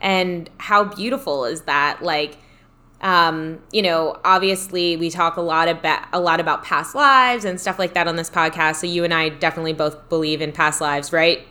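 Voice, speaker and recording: Podcast host, woman, lower voice, bright tone, reflective and enthusiastic. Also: normal speed. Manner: reflective, enthusiastic, reads listener comments. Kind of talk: casual chat.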